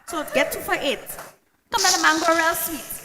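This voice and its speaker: A woman's voice: extremely high pitch, moderate pace, big-room sound, noisy background. A woman playing a sweet-talking, unbothered roadside mango vendor in a comedy skit. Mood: sly.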